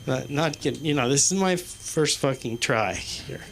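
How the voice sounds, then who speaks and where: A man doing stand-up in a small comedy club, rambling and halting, swearing constantly. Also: mid-range voice, lively intonation, gravelly, crowd noise. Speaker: stand-up comic. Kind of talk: stand-up set.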